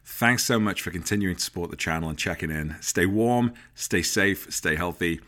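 Bright-voiced English man, deep. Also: normal speed. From Britain. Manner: chatty, jokey, wraps up with plugs. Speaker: podcast host. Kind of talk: casual podcast chat.

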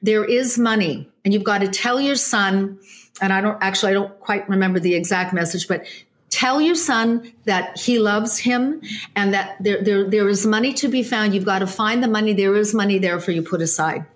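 Animated woman telling a story. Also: mid-range voice, moderate pace. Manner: animated storytelling with many restarts. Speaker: psychic medium guest. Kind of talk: anecdote told in an interview.

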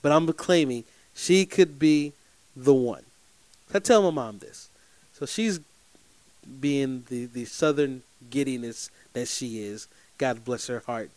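A man telling a personal anecdote in an animated, emphatic way, often repeating phrases for effect. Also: medium pitch, takes it slowly, pauses often, no room sound.

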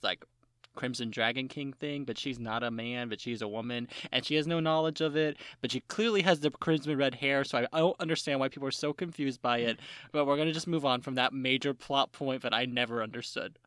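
Co-host, mid pitch, dry close mic; casual and jokey, sarcastic asides while reading. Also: a little fast, a bit bright, clear, resonant tone, dry recording. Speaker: podcast co-host. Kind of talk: casual chat, reading a synopsis.

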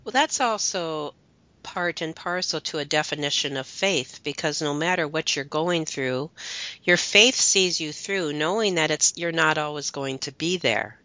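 Woman host, very low voice, bright tone, dry lo-fi sound. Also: measured pace, dry recording. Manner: affirming, reflective. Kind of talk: casual chat.

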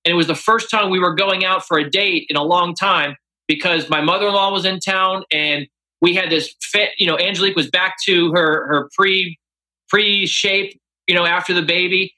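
A man's voice: sits high, bright, forceful tone, rough recording. A man, an author and interview guest, telling stories animatedly and acting out quoted dialogue. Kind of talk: interview storytelling.

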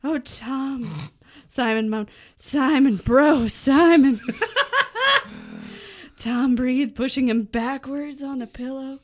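A woman's voice: high voice, fairly even intonation, unhurried, a little mellow. A woman co-hosting a comedy show and giving a hammy, melodramatic reading. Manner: hammy and melodramatic, breaks into laughter. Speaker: podcast co-host reading fan fiction aloud.

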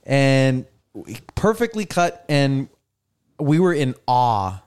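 A man's voice: mid-range voice, takes it slowly, clean tone. A young man hosting a podcast, chatting casually and acting out the people in his stories. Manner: animated storyteller, acts out people's lines. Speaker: podcast host. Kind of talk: casual chat. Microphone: studio mic.

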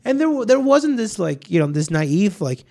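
A man's voice: high voice, sing-song, normal speed, creaky, dark tone. A man hosting a podcast, telling a story in rambling casual chat, full of restarts and swearing. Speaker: podcast host.

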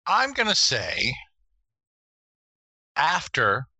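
A middle-aged man co-hosts a podcast with a very bright, forward tone. He rambles and jokes, often losing a name mid-sentence. The sound is dry and close. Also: fairly high pitch, huge pitch swings, drawn-out words, dry recording. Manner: jokey, rambling, gropes for names. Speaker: podcast co-host. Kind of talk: casual chat.

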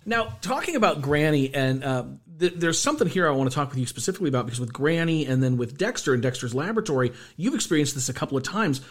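A man's voice: on the high side, lively intonation, fast talker, hardly any pauses. A man interviewing a guest, chatty and enthusiastic as he asks questions and adds his own views. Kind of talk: conversational interview.

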